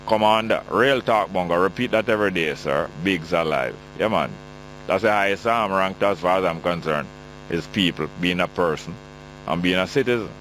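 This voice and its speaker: Joking Jamaican radio host, low voice. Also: male voice, a bit bright, slight background noise, poor audio. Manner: joking, chatty, reads out listener texts with asides. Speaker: radio talk show host. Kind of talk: call-in radio talk show.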